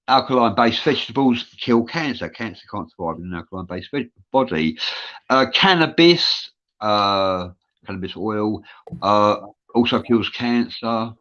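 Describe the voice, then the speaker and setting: His voice sits on the low side yet sounds a bit bright, with lively intonation and a moderate pace. The London host reads viewer comments on live chat, rambling earnestly with many uhs, over muffled lo-fi sound.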